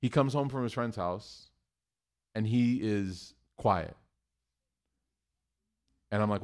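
Animated man telling family stories. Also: fairly low pitch, takes it slowly, pauses often. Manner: animated storyteller acting out family dialogue. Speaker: religious teacher. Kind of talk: storytelling lecture to a live class.

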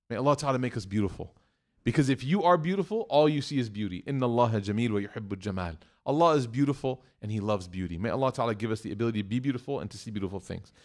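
A man giving a conversational sermon, telling a story and acting out the quoted voices with lively shifts, often checking in with "right?" and "okay?". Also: medium pitch. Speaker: Islamic preacher.

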